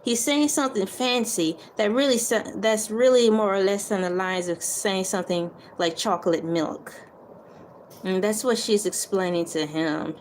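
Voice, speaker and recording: A woman's voice: medium pitch, moderate pace, a little hiss or hum. A woman reading a children's novel aloud, stopping for casual remarks and stumbling over a few words. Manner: stumbles over words, laughs at her own slips; casual asides between read passages. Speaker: book reader.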